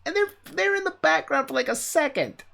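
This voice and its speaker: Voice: high-pitched, animated, brisk, vocal fry, pushed and bright. A reaction streamer giving enthusiastic, rambling commentary full of "like"s.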